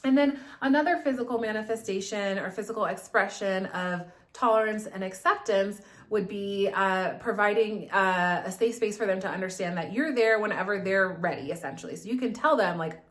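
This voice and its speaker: A young adult woman talks to camera about parenting, sounding relaxed and conversational. She explains at an easy pace, and fillers and small restarts run all through her talk. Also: medium pitch, normal speed, few pauses. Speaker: parenting educator. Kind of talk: casual instructional talk to camera.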